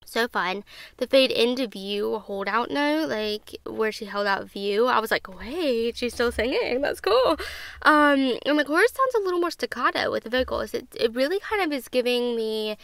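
A woman's voice: a little high, expressive, moderate pace, a bit bright, smooth, no echo. A woman, hosting a podcast and gushing over music in bubbly, casual chat. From Southern United States. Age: 20s. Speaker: podcast host.

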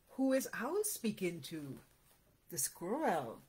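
A woman's voice: fairly high pitch, animated, slow pace, sharp tone. A woman leading a children's read-aloud, giving parents encouraging, teacherly tips. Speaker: early childhood educator.

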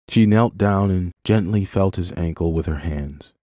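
A man reading a novel aloud in a measured, expressive way, as an audiobook narrator. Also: low voice, dry recording, clean studio sound. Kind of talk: scripted narration.

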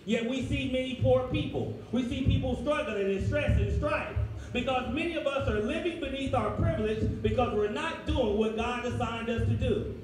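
A man preaching a folksy, animated sermon as pastor. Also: very high-pitched, normal speed, background noise. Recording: echoey room, far from the mic, music behind.

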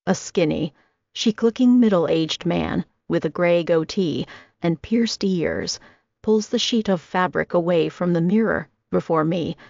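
Woman in her twenties, low gravelly voice, steady first-person audiobook read. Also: dry recording. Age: 20s. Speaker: audiobook narrator. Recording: dry, slightly dull audio.

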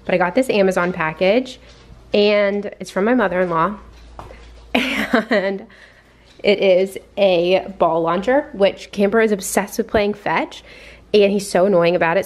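A woman's voice: normal speed, rough recording. Chatty young woman vlogging at home. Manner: chatty, rambling with fillers; high sing-song voice when calling her dogs. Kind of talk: casual vlog chat.

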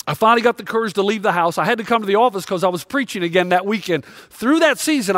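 A man's voice: high voice, fairly bright tone, dry recording, clean studio sound. A male pastor preaching a sermon with impassioned, confessional storytelling.

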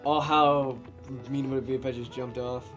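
A young man chatting calmly while he plays a game on a livestream and fields teasing from his friends. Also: medium pitch, normal speed, dull audio, soft background music. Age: young adult. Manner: calm, keeps cool under teasing. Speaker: streamer. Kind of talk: casual livestream gaming chat.

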